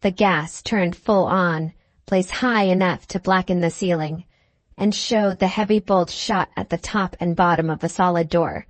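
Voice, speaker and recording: Low-voiced woman narrating a classic novel. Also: unhurried, no echo. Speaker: audiobook narrator. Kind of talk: scripted narration.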